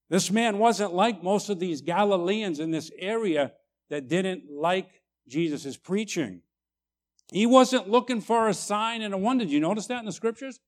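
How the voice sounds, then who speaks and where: A man preaching a sermon, emphatic, tagging lines with "right?" and swinging between loud and quiet. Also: fairly high pitch, lively intonation, unhurried. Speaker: pastor.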